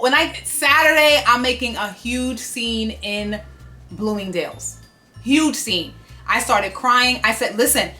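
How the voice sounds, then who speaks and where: A woman's voice: on the high side, slow pace, soft background music. Indignant New woman vlogging. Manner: animated, indignant, emphatic repetition. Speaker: fashion vlogger. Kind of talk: casual storytelling to camera.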